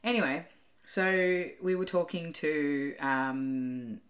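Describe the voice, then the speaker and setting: A woman's voice: sits low, slow. A woman in her thirties co-hosting a podcast, telling stories in casual chat with frequent laughs and swearing. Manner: chatty storyteller, laughs often, swears casually. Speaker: podcast co-host.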